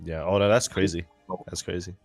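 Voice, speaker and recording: A man's voice: deep voice, steady tone, fairly quick, gravelly, dry recording, soft background music. A young man commentating a racing livestream and interviewing a driver, in a rambling, joking manner with many fillers and restarts. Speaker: race commentator and post-race interviewer.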